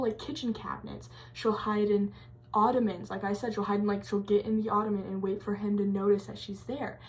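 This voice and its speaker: Young woman, college vlogger, casual storytelling, rambling, lots of fillers, mid-pitched voice. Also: a little mellow. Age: young adult. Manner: rambling, many fillers and restarts.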